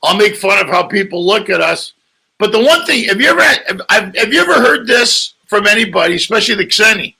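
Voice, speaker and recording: A man who is a stand-up comedian, telling animated jokey stories in a casual interview. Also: high voice, fairly quick, low-quality recording. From Greek heritage. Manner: animated, joking storyteller with raspy, gravelly voice. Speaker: comedian guest. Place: lives in England.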